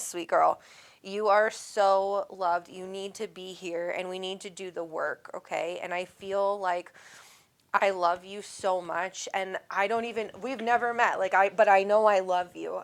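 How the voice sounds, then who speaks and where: A woman hosting a live call-in psychic reading, talking in an affectionate, rambling way and calling the caller sweet names. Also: lowish voice. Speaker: psychic medium host.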